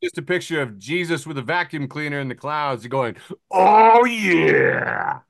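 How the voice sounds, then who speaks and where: A man's voice: fairly high pitch, fairly quick, crowd noise. A man hosting a podcast, casually reading social media posts and memes aloud and chuckling between them. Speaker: podcast host.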